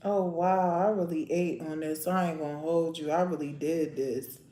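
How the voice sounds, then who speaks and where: A woman in a casual nail vlog, talking in an excitable, slangy way. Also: low-pitched, normal speed. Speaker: nail vlogger. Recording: roomy, echoey home recording.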